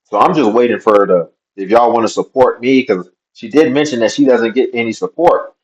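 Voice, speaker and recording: A man's voice: mid-range voice, brisk, highs cut off. A man commenting on a video clip, skeptical and questioning, with a wry edge. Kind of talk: reaction commentary.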